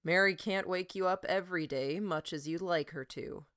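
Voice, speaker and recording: A woman voicing a calm, firm teenage boy who speaks in a level, matter-of-fact way. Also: lowish voice, moderate pace, dry recording, studio quality, natural voice.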